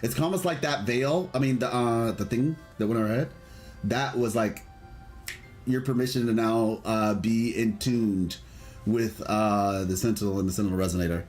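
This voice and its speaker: A man's voice: fairly low pitch, normal speed, darkish tone, faint music behind. Chatty male gaming streamer. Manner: chatty, rambling, enthusiastic, reads chat aloud. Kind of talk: casual livestream chat and game commentary.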